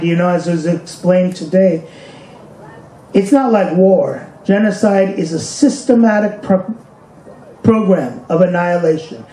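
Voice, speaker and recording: At a commemoration event, a man whose voice sits high with a dark tone shares a personal story in an emotional speech to a hall audience. He poses rhetorical questions and gestures toward pictures, and the poor audio carries an echoey room sound.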